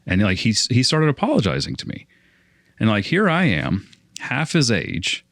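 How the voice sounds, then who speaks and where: A man's voice: mid-range voice, wildly swooping pitch, normal speed, a bit bright, dry recording, clean studio sound. A young man on a casual podcast, telling a long story in a rambling way and often restarting his sentences. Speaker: podcast co-host.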